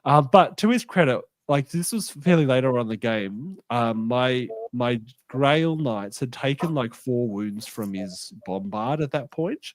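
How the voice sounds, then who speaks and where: Man, casual podcast chat, animated storytelling, dry sound. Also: medium pitch, unhurried, hardly any pauses, no echo. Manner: animated, acts out quoted dialogue. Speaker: podcast co-host.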